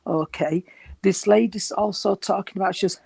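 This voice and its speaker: Guy doing a medium reading, soft and reassuring, a bit out of breath, dry sound. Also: high voice, steady tone, moderate pace, creaky, breathy edge, dry recording. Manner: gentle, reassuring, calls people sweetheart. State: short of breath. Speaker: spiritualist medium. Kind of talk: giving a reading at a service.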